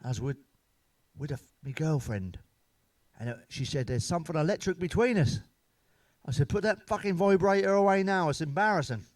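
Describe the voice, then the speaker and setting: A middle-aged British man telling crude, sweary one-liner jokes in a deadpan stand-up monologue. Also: a little high, no echo. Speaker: stand-up comedian.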